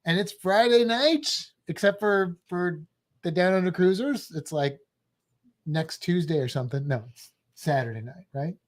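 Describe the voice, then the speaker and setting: A man's voice: high voice, moderate pace. A talkative man co-hosting a live-streamed podcast. He rambles cheerfully, tosses in jokes and keeps the casual chat rolling with plenty of asides. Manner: chatty and jokey, self-described blabbermouth. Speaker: podcast co-host.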